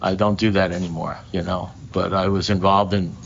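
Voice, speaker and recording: A man's voice: deep voice, little pitch movement, moderate pace, creaky, slight background noise, pitched below the performer's own voice. A man voicing a boastful retired male talking dog who rambles matter-of-factly about his spy career, on a slightly muffled recording. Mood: bragging. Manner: rambling, matter-of-fact bragging.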